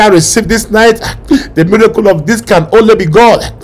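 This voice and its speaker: Male preacher, high voice, fervent prayer sermon, commanding repeated declarations, speaking in tongues. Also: normal speed.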